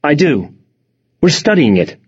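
A man's voice: fairly high pitch, very animated, unhurried, breathy edge, exaggerated voice. A man voicing a sullen, defiant teenage girl who talks in a tight, resentful way. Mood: tense. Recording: dull lo-fi recording.

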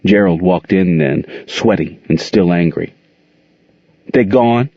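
A man narrating a novel as an expressive audiobook reader, in a dull, dry recording. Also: low voice, a little slow, gravelly, breathy edge, no echo. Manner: expressive storytelling.

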